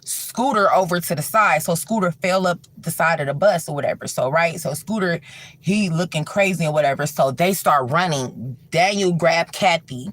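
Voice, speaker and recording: A livestream host, on a livestream mic, tells a horror story at normal speed in loose, colloquial talk full of fillers. For suspense, the voice drops low and soft.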